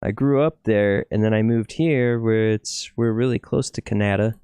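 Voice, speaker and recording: A man's voice: on the low side, moderate pace, warm tone, smooth, no echo, studio quality. A middle-aged man from California chatting casually, rambling and laughing easily as he talks. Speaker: podcast guest, musician. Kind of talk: casual chat.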